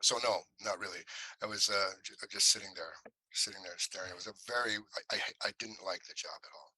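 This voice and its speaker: A man with a low-leaning voice and a strikingly bright, forward tone tells stories on a podcast. He talks animatedly and slips into quick impressions of people he has met. The sound is dry and close. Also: fairly even intonation, slightly rough, no room sound, poor audio. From Cleveland, US. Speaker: actor guest. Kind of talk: podcast interview storytelling.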